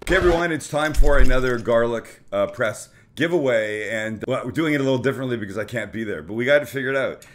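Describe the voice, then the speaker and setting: A man's voice: medium pitch, quick pace, hardly any pauses, slight background noise. A middle-aged man hosting a cooking show in casual, enthusiastic chat, full of exclamations as he cooks.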